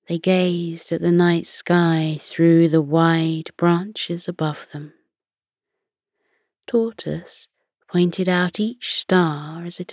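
A woman narrating a soothing bedtime story in a soft, hushed voice that often slips into a whisper. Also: low-pitched, slightly rough, no room sound, clean studio sound.

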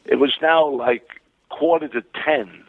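An older man spins long anecdotes as an interview guest, his gravelly voice tumbling through restarts and repeated words. The sound is dry and thin, like a phone line. He talks at a middling pitch, carried along by excitement. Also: unhurried, dry recording. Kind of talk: rambling anecdotal storytelling.

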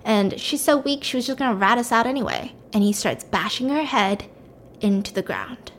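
A woman's voice: fairly high pitch, moderate pace, a little hiss or hum. Chatty woman recapping a story. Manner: animated storytelling, chatty asides. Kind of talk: casual plot recap.

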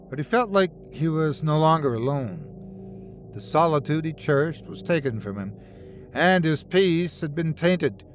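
Male horror narrator, measured and dramatic, slightly higher voice, animated pitch. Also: slight background noise.

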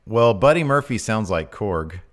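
Man, podcast co-host, casual chat, very low voice, swings up and down a lot, laughs often. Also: unhurried. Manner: animated, laughs often, trails off into mumbling.

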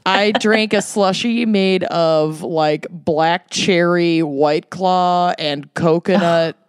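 A woman's voice: lowish voice, takes it slowly, smooth, no echo, studio quality. A young woman, co-hosting a podcast in chatty, dramatic casual conversation and laughing easily. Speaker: podcast co-host. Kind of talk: casual chat.

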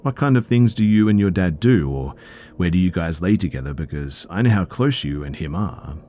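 A man's voice: sits low, animated, a little fast, dark tone, slight background noise. A man voicing a creepy, manipulative young man who coaxes and teases. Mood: wheedling. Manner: wheedling, teasing.

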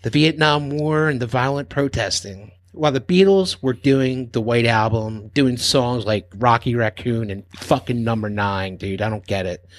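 A man in casual chat, telling music stories with animated acted-out quotes and swearing. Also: mid-range voice, normal speed, few pauses, dry recording.

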